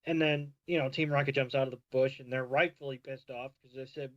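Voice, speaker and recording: A man's voice: medium pitch, steady tone, fairly quick, highs cut off. A man co-hosting a podcast, chatting about a cartoon in a laid-back, matter-of-fact way. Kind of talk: casual podcast chat.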